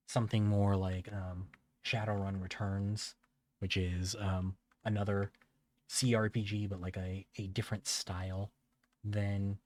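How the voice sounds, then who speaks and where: Low-voiced laid-back male streamer. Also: a little mellow, no room sound. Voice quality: laid-back, halting with many fillers. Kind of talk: casual gameplay commentary.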